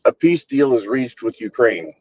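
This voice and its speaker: A man's voice: medium pitch, sing-song, moderate pace, a little mellow, husky, highs cut off. Blunt, exasperated man ranting. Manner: blunt and exasperated, swears freely. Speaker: channel host. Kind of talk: casual political rant.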